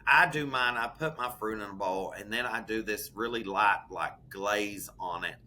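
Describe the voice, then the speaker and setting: A man with a Southern US accent chatting as a podcast co-host, folksy and animated, calling the listener "honey". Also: lowish voice, normal speed, slight background noise. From American South. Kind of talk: casual chat.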